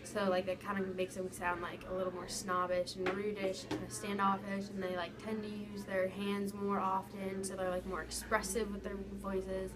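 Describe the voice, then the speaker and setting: A woman's voice: medium pitch, completely flat delivery, normal speed, few pauses. A woman answering an interview question casually, in a rambling, hedging way. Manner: rambling, hedging, loose phrasing. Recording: noisy crowd behind.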